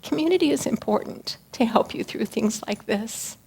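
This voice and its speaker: A woman giving a personal spiritual talk to her community, speaking in a gentle, earnest, reflective manner. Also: fairly high pitch, lively intonation, moderate pace, vocal fry, breathy edge.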